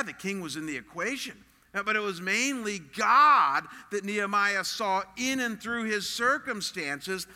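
A man's voice: sits high, pushed and bright, long reverb tail. A man preaching a sermon as a pastor, earnest and emphatic in a conversational way.

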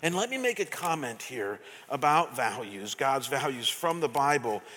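A man's voice: mid-range voice, sing-song, normal speed, pushed and bright. A middle-aged man preaching a passionate sermon as pastor, emphatic and quizzing the congregation. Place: church sanctuary. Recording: long hall reverb.

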